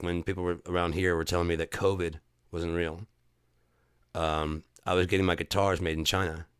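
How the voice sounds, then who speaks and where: A man's voice: sits low, fairly bright tone, clear, resonant tone, no echo, clean studio sound. A man hosting a casual livestream chat, ranting heatedly with frequent swearing and rambling restarts. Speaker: livestream host.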